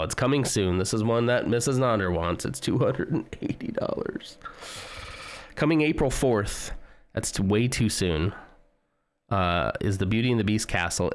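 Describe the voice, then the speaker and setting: A man streaming live, chatting casually and joking with his viewers as he browses. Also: lowish voice. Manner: chatty, joking, talks to chat while browsing.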